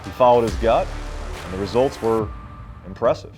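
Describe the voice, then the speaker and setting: A man, a professional angler, narrating his tournament in a measured, earnest interview voice. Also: fairly low pitch, a little mellow, faint music behind.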